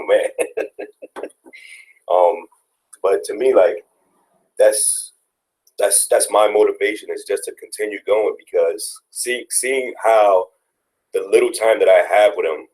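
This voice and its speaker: A young man with a deep, low voice speaks in a casual interview. He is earnest and tells long personal stories, often restarting a phrase as he goes. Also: a little slow, long pauses, a little mellow, rough recording. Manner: earnest, storytelling, many restarts. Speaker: guest, father.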